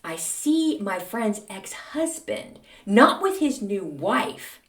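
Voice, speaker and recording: Female podcast host, casual storyteller, very lively pitch, slightly distant and roomy recording. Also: takes it slowly. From Texas. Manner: chatty, animated, with many fillers and acted-out quoted dialogue. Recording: roomy, a little distant from the mic.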